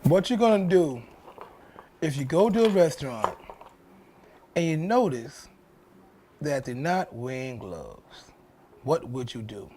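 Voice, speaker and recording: A man's voice: on the high side, big pitch swings, takes it slowly, pauses often, a little mellow, a little hiss or hum. A man, hosting his own show in a blunt, profane casual monologue that repeats points for emphasis. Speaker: show host.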